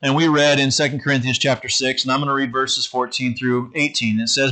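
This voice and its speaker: A man's voice: medium pitch, level tone, brisk, few pauses, bright, forceful tone. A middle-aged man preaching a conversational sermon to his congregation, often stumbling and repeating words as he goes. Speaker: pastor.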